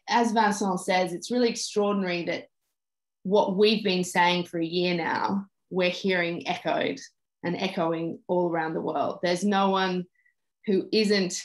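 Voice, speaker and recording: A woman from Australia, speaking as a lawyer at a press conference in a measured, brief way. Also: on the low side, poor audio.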